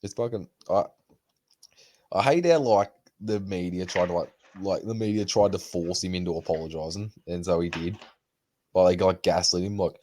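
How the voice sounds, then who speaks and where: With a deep voice at a moderate pace and slight background noise, a young man hosts a casual podcast. He talks loosely, swears often, and gives animated retellings full of put-on quotes.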